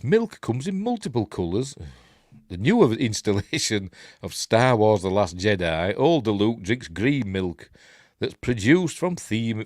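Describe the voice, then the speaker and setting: A man's voice: lowish voice, no room sound, clean studio sound. A man with a Yorkshire accent hosting a live news stream, reading sci-fi stories and breaking off for wry, sarcastic asides.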